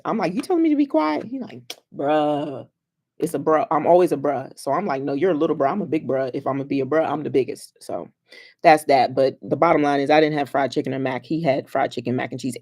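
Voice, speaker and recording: A young woman who works as a school counselor chats casually with families on a livestream, an animated storyteller who laughs often and uses playful slang. Her voice is extremely low with a breathy edge.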